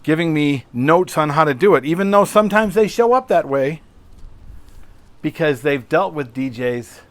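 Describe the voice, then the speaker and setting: A man's voice: a little high, lively intonation, moderate pace, dry recording. A middle-aged man hosting a solo podcast, talking conversationally and telling a story with rhetorical questions. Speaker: podcast host.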